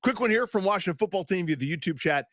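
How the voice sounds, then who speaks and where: A man's voice: sits high, animated, music in the background. A male sports radio co-host reading listener questions and giving emphatic opinions in casual talk. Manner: emphatic, quick opinions, does impressions.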